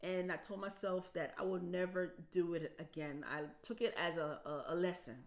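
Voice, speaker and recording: A woman's voice: on the low side, steady tone, moderate pace. A woman from the United States telling a story in a casual vlog, emotional and repetitive, her voice cracking with tears. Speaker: vlogger.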